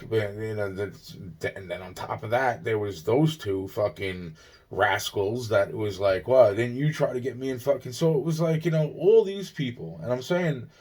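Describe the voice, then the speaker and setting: With a medium-pitched, somewhat mellow voice, this Long Island, New York vlogger launches into an agitated personal rant. He swears freely, rambles, and keeps starting his sentences over.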